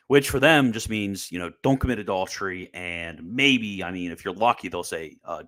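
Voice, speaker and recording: A man's voice: low voice, normal speed, hardly any pauses, pushed and bright. A young man giving casual, combative commentary on church teaching, sarcastic and full of restarts. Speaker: Catholic commentator.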